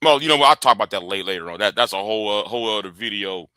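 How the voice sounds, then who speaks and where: A man's voice: fairly low pitch, animated, rapid-fire, bright, forceful tone, clear, resonant tone, dry recording. A middle-aged man, hosting a casual political livestream and rambling through stammers and restarts. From Texas. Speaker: livestream host.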